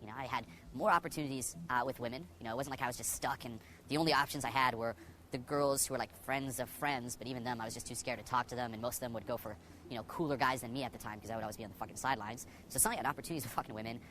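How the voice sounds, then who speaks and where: A man's voice: medium pitch, steady tone, racing, a bit bright, a little hiss or hum. A young man, a dating coach, telling his personal story to the camera in a candid way, full of swearing and "you know" fillers.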